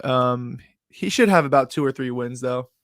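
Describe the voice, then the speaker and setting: In a casual storytelling recap, a young man hosting sports betting content rambles animatedly through a long tale, peppering it with "like" and "yo." He speaks at a moderate pace and middle pitch, in a dry, close recording without room sound.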